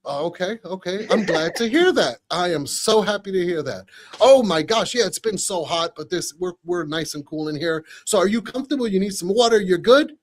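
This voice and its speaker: A man's voice: high voice, lively intonation, a little fast. A man with a New York accent hosting a live podcast, chatty and effusive, greeting viewers and his guest from a studio. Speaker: podcast host.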